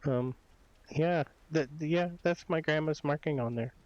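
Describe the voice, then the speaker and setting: A man's voice: a little high, measured pace, a little mellow, no echo, muffled recording, natural voice. A man voicing a tiny, eager young female villager in a tabletop game. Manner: eager, chatty.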